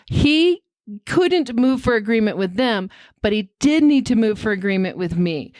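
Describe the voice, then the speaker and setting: A woman's voice: mid-range voice, no echo. A woman hosting a podcast, talking earnestly and reflectively in a casual conversation. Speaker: podcast host.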